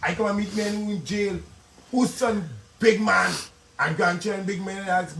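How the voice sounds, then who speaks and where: A man's voice: high-pitched, normal speed, creaky, fairly bright tone, a little hiss or hum. Earnest Trinidadian man, roomy live-stream sound. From Trinidad and Tobago. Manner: earnest, pleading, rambling in dialect. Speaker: guest telling his life story. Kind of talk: emotional live-stream testimony.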